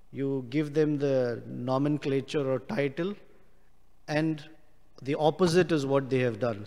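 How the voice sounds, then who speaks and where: A man giving a scripture class, explaining Sanskrit words slowly with many pauses. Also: mid-range voice, darkish tone, long reverb tail. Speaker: class speaker.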